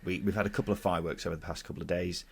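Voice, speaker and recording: A man from England hosts a casual football podcast in a low, slightly husky voice. He sounds upbeat and jokey, leading the chat and reading listener comments aloud. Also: little pitch movement, very fast. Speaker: podcast host.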